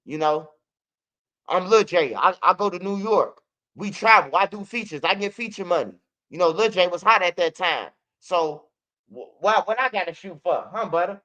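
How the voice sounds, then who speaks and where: A man from Chicago with a Chicago accent, telling street stories casually in an animated, profane way and acting out what others said. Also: sits high, moderate pace. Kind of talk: casual storytelling.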